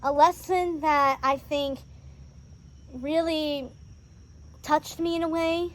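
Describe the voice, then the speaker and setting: High-voiced excitable woman reviewing movies. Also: takes it slowly. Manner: excitable and rambling, with many fillers and restarts. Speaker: host reviewing films. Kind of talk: casual movie review vlog. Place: outdoors on a home driveway.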